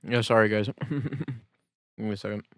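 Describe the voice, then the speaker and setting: A man streamer giving casual, joking gameplay commentary with animated reactions. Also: lowish voice, moderate pace, no echo, studio quality.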